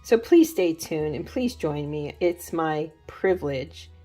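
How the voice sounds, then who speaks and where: A woman's voice: sits low, expressive, slow, mellow, soft background music. A woman hosting a journaling channel, talking in a chatty, rambling way with lots of asides and fillers while she decorates a journal at her craft desk. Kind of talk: casual craft vlog chat.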